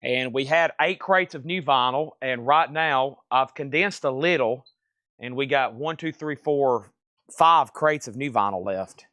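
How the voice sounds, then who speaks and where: A man hosts a live record sale, listing one item after another with its price. His voice sits at a middle pitch and sounds close and dry, with little room sound. He talks in a brisk, casual way. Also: pushed and bright, no echo. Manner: brisk list-reading of items and prices, casual. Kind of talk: livestream sales pitch.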